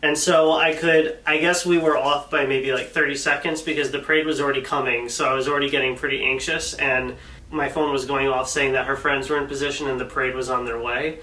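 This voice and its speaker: In a casual vlog, a man with a mid-range voice tells the story of a proposal a little fast, animatedly acting out the quotes. The camera mic picks him up from afar in an echoey room, with a little hiss or hum.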